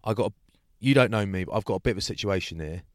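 Man, casual podcast storytelling, animated, lowish pitch, dry sound. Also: racing, no room sound. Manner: animated, acts out voices in his stories. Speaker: podcast co-host.

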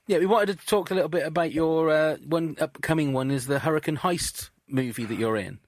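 A man interviewing an actor, asking questions in a relaxed way with fillers. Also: fairly high pitch, fairly quick, no echo. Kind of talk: casual interview chat.

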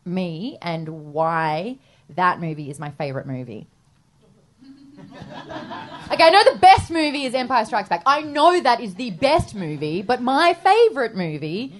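Excitable woman, laughing often. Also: mid-range voice, unhurried. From Australia. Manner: excitable, laughs often, bursts into loud cries. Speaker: podcast guest. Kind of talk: casual chat.

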